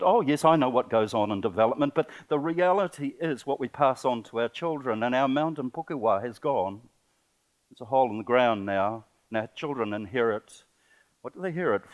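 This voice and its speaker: Older Kiwi man, mid-range voice, telling a heartfelt story at a seminar, halting and emotional. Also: mid-range voice. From New Zealand. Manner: emotional, halting, earnest, with rising bursts. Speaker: poet and sculptor giving a talk. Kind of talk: impassioned personal storytelling speech. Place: conference seminar venue.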